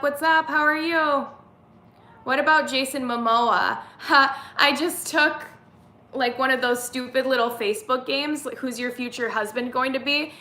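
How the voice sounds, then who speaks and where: Bright-voiced woman chatting on a live stream. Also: on the high side, echoey room. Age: 30s. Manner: chatty, reads viewer comments aloud. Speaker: vlogger hosting a live chat. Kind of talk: casual live-stream chat.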